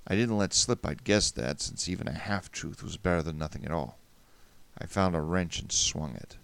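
A man narrating a first-person story in a wry, measured way. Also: low voice, gravelly, fairly bright tone.

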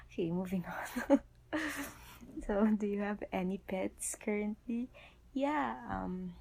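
A young woman whispers through a sleepy late-night question-and-answer vlog, her tired voice husky and gravelly. She talks very slowly in a dark, mellow tone, trailing off and restarting as she rambles. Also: mid-range voice, rough recording.

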